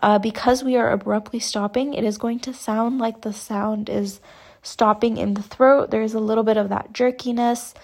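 Slow, careful woman teaching recitation. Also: a little high, fairly even intonation, vocal fry, darkish tone. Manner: slow, careful explanation, demonstrating sounds. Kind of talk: tajweed lesson with recited examples.

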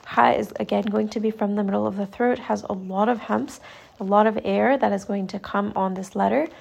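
A woman teaching Quran recitation in a calm, deliberate way, with heavy gravelly fry running through her voice. She slows right down to model each sound, steady and patient. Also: medium pitch. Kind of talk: step-by-step recitation lesson.

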